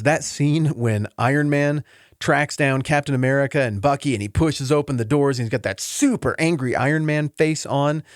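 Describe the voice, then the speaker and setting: Animated, earnest male Bible podcaster. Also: no room sound, studio quality. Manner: earnest, rambling and openly emotional; conversational with lively pitch swings. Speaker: podcast host and Bible teacher. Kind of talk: casual Bible teaching podcast.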